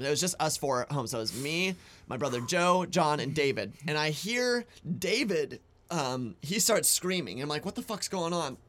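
Young male podcast co-host, animated delivery, profane and excitable, slightly high voice. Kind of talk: casual chat reacting to videos.

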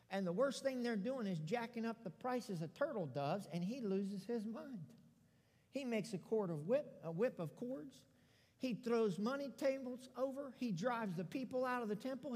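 A man preaching a sermon as pastor, calling on the congregation to respond and acting out scripture scenes in his own words. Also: high voice. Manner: call-and-response preaching, dramatic paraphrase. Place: church sanctuary. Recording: long hall reverb.

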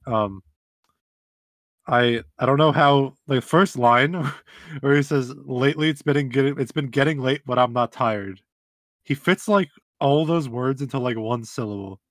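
A man's voice: mid-range voice, unhurried, dry recording. A man with a mid-range voice talks about songs in an easygoing, chill way, and "like" turns up often. The recording is dry and close, with no room sound. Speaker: music podcast co-host. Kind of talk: casual music review chat.

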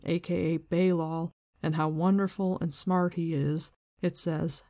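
Book-discussion host, casual and slangy, middle pitch, very dry sound. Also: darkish tone, dry recording. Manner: casual, swears, slangy retelling. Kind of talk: casual book discussion with read-aloud passages.

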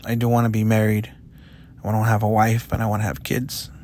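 A man's voice: fairly low pitch, monotone, fairly quick, a little mellow, a little hiss or hum. A young man talking earnestly and self-critically in a confessional vlog monologue. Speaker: vlogger.

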